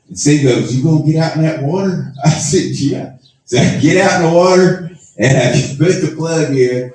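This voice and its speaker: A man with a slightly high, mellow voice hosts an awards show, spinning a long, self-deprecating story to a live audience and performing the dialogue himself. The room is echoey and the mic sits at a distance.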